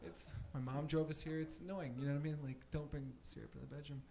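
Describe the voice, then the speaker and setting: A man's voice: fairly high pitch, little pitch movement, quick pace, creaky, warm tone, a little hiss or hum. A young man doing a stand-up set on a comedy club stage, rambling casually and full of fillers.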